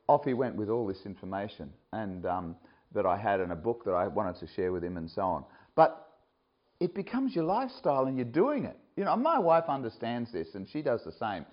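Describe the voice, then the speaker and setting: A man's voice: on the low side, fairly quick. A man preaching as a missionary, telling stories and acting out what people said. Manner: animated storyteller, acts out quoted dialogue with laughs. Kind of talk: sermon with personal stories. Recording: dull lo-fi recording.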